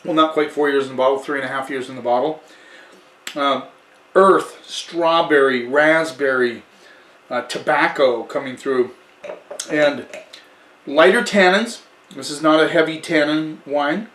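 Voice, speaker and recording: A man's voice: on the high side, unhurried, pauses often, a bit bright, far from the mic. A man giving a casual wine tasting review in a chatty way, often restarting and correcting himself. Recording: echoey room, away from the mic.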